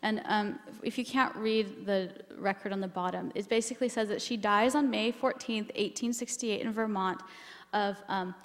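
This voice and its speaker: A woman's voice: medium pitch, fairly even intonation, normal speed, in a large hall. A woman giving a keynote talk on family history, earnest and emotional, with many ums as she goes.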